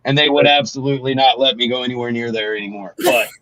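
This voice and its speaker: A man's voice: mid-range voice, fast, a bit bright, no echo. Blunt cussing man, dull lo-fi sound. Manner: blunt, profane storyteller. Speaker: podcast panelist. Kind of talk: casual chat.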